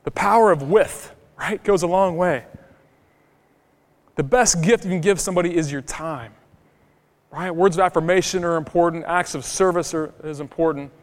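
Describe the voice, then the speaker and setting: A man's voice: a little high, moderate pace, in a large hall. A man pastor preaching a sermon in a church, emphatic and full of rhetorical questions.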